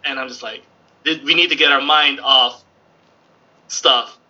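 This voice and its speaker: Excitable husky-voiced man chatting. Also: medium pitch, a little slow. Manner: excitable, laughing, stumbling repeats. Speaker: podcast guest. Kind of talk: casual chat. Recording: dull lo-fi audio.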